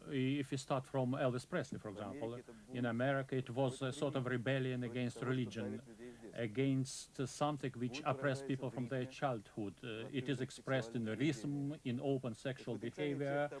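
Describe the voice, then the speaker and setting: A man from Russia speaks at a panel, pausing often as he searches for words in a second language. Audible crowd noise runs behind him. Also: mid-range voice, fairly even intonation, poor audio.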